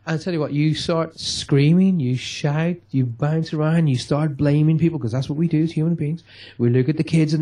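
Guy giving a pep talk on a show, emphatic, dark husky tone. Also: a little high, a little fast. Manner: emphatic, acts out quotes. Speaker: guest speaker. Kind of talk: motivational talk.

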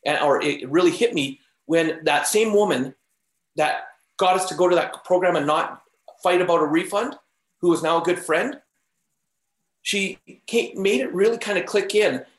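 A man's voice: high voice, normal speed. A man being interviewed, telling stories casually and acting out the voices of the people in them. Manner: animated, acts out the voices in his stories. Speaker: interview guest. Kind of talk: casual storytelling. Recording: roomy echo.

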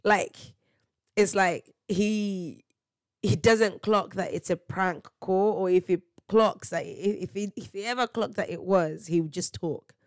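A woman's voice: medium pitch, a little slow, no echo, clean studio sound. A woman hosting a casual solo podcast. She tells slangy stories animatedly, laughs often and acts out what people said. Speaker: podcast host.

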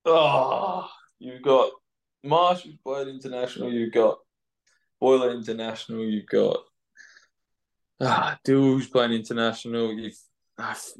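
Gravelly young Australian man. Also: mid-range voice. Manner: relaxed, laughing, halting with fillers. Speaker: football player guest. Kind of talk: casual podcast interview.

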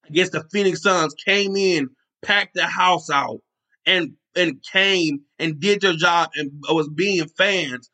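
Hyped guy on a sports pod, bright punchy voice, kinda high, swears and keeps restarting. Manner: passionate, emphatic, swears and repeats himself. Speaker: podcast host. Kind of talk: excited sports talk.

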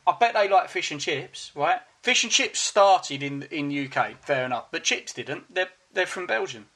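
An Essex man with a gravelly edge to a bright, forward tone, pitched a little high. He rambles quickly and swears freely in a casual chat. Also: lively intonation. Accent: Essex English. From Basildon, England.

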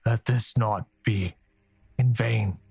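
A man's voice: fairly low pitch, fairly even intonation, slow, gravelly, warm tone, slightly rough, no room sound, soft background music, exaggerated voice. A man voicing a dying male soldier who speaks his last words solemnly.

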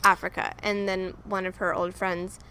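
A young woman co-hosts a casual podcast, her voice sitting at an ordinary middle pitch. She rambles through stories, full of ums and asides. A faint hiss of noise sits under the recording. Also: flat delivery, normal speed, bright, forceful tone. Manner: chatty, rambling storyteller with many ums. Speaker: podcast co-host. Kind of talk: casual true-crime chat.

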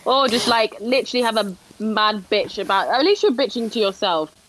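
A woman's voice: on the high side, expressive, brisk, fairly bright tone, rough recording. A woman co-hosting a podcast in casual chat, joking bluntly and crudely. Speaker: podcast co-host.

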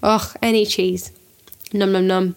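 A woman's voice: medium pitch, level tone, a little slow, creaky, clean tone. A woman co-hosting a podcast at home, chatting casually, giggling often and slipping into funny voices. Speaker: podcast co-host. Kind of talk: casual chat.

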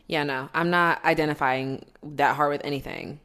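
A woman's voice: low voice, moderate pace. A woman chatting casually on a podcast over a remote call, retelling a TV episode animatedly and acting out the characters. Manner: animated storyteller, acts out scenes with loud cries. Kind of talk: casual chat.

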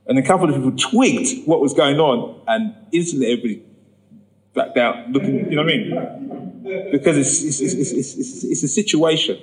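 A man telling his personal testimony in a sermon, acting out the voices in his story and rising high when he gets emphatic. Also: animated, moderate pace, low-quality recording. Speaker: preacher giving testimony.

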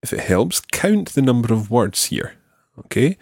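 A man with a husky, fairly low voice leads a French lesson. His delivery rises and falls a great deal as he models each phrase slowly and patiently. The recording is close and dry. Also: very animated, a little mellow, no room sound. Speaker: French teacher. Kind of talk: language lesson with a learner.

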